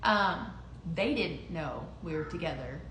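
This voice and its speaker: A woman's voice: deep voice, lively intonation, measured pace, fairly bright tone, reverberant, slight background noise. A young woman in casual conversation, telling a personal story with lots of laughter and quoted voices. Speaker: podcast co-host.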